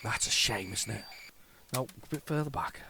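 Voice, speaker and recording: A retro computing channel host with a fairly low, creaky voice speaks at a moderate pace over background noise. He chats casually and rambles to viewers while testing old tapes.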